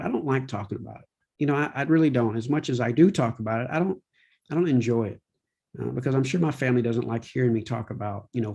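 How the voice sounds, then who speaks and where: A middle-aged man talks candidly in an interview, with a warm, mellow tone. He rambles a little and keeps checking in with "you know what I mean". His pitch sits in an ordinary middle range. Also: slightly rough. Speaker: podcast guest.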